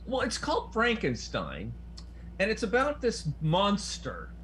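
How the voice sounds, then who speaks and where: A man chatting as a panel guest, telling his story in an animated, chatty way. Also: sits high, unhurried, slight background noise. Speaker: panel guest, stage actor. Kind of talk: casual panel chat.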